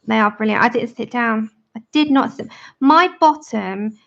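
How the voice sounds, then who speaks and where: Here a woman in her thirties demonstrates colouring for a livestream audience, chatty and giggly, pausing to read viewer comments. Her slightly high voice carries some vocal fry at a moderate pace. Recording quality is dull, lo-fi livestream audio.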